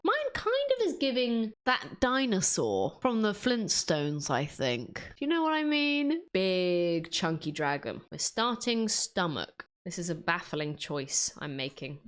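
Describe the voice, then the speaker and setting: A woman chatting casually to herself as she draws, in a self-mocking, rambling way. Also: lowish voice. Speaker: artist and video creator. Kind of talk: casual commentary while drawing.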